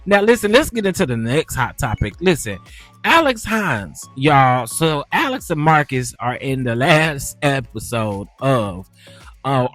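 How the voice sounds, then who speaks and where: A man cooking on camera and talking casually, chatty and lively, with a steady stream of "child" and "honey.". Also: medium pitch. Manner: animated, chatty, keeps saying child and honey. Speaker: cooking vlogger. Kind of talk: casual cooking and gossip chat.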